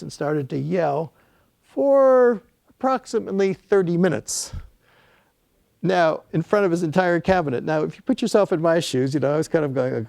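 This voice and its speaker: A man's voice: fairly high pitch, expressive, fairly quick, gravelly, a little mellow, dry recording. An older man giving a talk as an author, telling an anecdote in a storytelling lecture style with frequent fillers and restarts.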